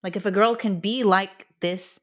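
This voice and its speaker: A woman from Indianapolis co-hosting a podcast, chatty, laughing often and cutting in with quick asides. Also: medium pitch, steady tone. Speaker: podcast co-host. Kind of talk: casual chat.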